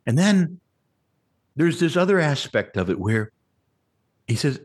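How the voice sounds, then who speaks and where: Husky, animated male priest preaching. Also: lowish voice, a little fast, long pauses. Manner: animated, conversational preaching with rhetorical questions. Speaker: Catholic priest. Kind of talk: sermon.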